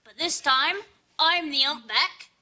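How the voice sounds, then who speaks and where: An actress playing a deadpan, sardonic young best friend in a sitcom. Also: female voice, high voice, takes it slowly, background noise. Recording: sitcom with loud audience laughter.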